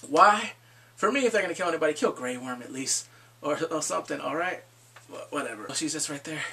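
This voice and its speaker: In a loose vlog recap of a TV episode, a man with a slightly high, gravelly voice gets excitable and swears a lot. He acts out quoted lines, slipping into quick character impressions.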